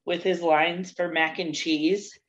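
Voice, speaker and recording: A woman guesting on a casual podcast, speaking hesitantly with many pauses and fillers. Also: fairly low pitch, flat delivery, slight background noise. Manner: slow, hesitant, many ums.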